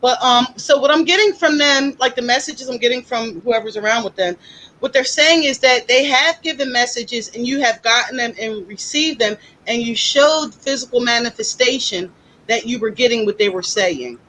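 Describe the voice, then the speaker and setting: High, chatty woman psychic. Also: moderate pace, low-quality recording. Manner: chatty, animated storytelling. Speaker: psychic reader, co-host. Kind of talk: casual live-stream reading.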